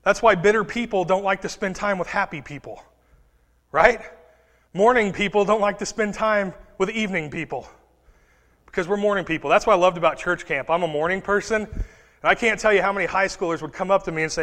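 Young male preacher, high voice, personal storytelling sermon, big echoing hall. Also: a little fast. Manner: personal storytelling, swinging from hushed to loud.

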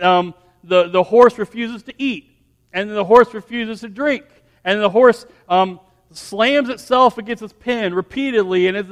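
High-voiced man preaching in an echoing hall. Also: fairly bright tone. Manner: rambling storytelling with many restarts, building to emphatic preaching. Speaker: pastor. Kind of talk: sermon with personal story.

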